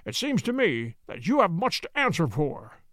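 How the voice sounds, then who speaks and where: A man voicing a calm, assured gentleman detective who speaks in a dry, measured, stern way, read from a storybook. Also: fairly high pitch, no echo.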